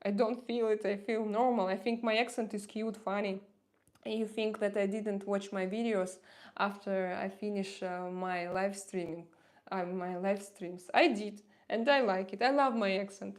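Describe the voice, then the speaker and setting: A woman in her thirties from Russia with a strong Russian accent, chatting on a live stream and answering viewer comments with many fillers and restarts. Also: medium pitch.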